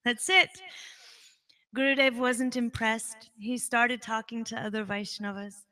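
A woman with a bright, high voice gives a devotional talk at a spiritual center. She tells her story with emphasis and animation, building each point as she goes. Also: steady tone, measured pace. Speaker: devotional speaker.

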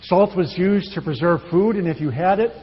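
A male pastor preaching a sermon in an earnest, measured way, his phrases often trailing off softly. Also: sits high, slightly rough. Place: church sanctuary. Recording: dull echoey church hall.

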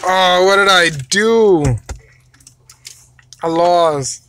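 A father giving gameplay commentary, excitable, wailing and shouting whenever a battle goes badly. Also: high voice, very slow, smooth. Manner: excitable, wails and shouts over losses. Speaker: father, mobile gamer.

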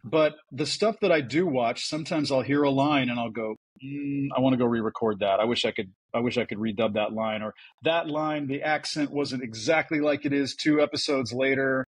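A man who works as a voice actor, telling stories in a casual podcast interview, animated and full of restarts. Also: mid-range voice, normal speed, hardly any pauses, husky, poor audio. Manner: chatty storyteller, animated with restarts. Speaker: voice actor guest.

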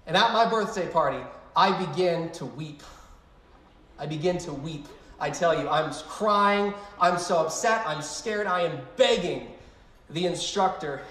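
A young male youth pastor preaches in a relaxed, chatty way, slipping into animated storytelling with quick asides. His voice sits a bit high. The sound carries the echo of a big room. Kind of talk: youth sermon.

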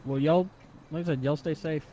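A man's voice: on the high side, fairly even intonation, moderate pace, warm tone, dull audio, a little hiss or hum. A man playing a sheriff's deputy in a role-play game, laid-back, saying y'all a lot. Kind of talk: in-character police role-play.

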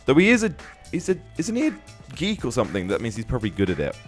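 Animated young man narrating gameplay. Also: mid-range voice, fast, faint music behind. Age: young adult. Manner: laughing, animated, exclaims at the screen. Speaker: gaming channel host. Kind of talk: casual game commentary.

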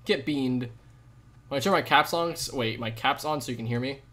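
A man's voice: mid-range voice, moderate pace. Rambling young male game streamer. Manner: jokey, rambling, sudden loud outbursts. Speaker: gaming streamer. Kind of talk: live gameplay commentary with chat.

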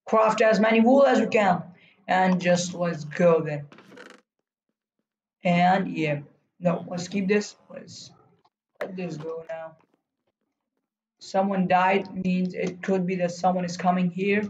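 A man giving live commentary while streaming a game, urging himself on and breaking into loud whoa and no cries. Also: high voice, fairly even intonation, slow, long pauses, roomy sound, muffled recording, slight background noise. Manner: talks to himself and urges teammates on. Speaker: gaming streamer.

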